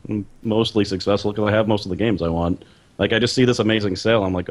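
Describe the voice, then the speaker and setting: A young man co-hosting a podcast, chatting casually in a relaxed way, full of fillers and chuckles. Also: on the low side, fast talker. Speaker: podcast co-host. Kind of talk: casual chat.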